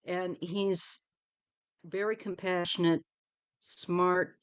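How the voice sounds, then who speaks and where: A middle-aged woman hosting a tarot livestream, chatting casually in a rambling way and often trailing off softly. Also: on the low side, flat delivery, extremely slow, clean tone.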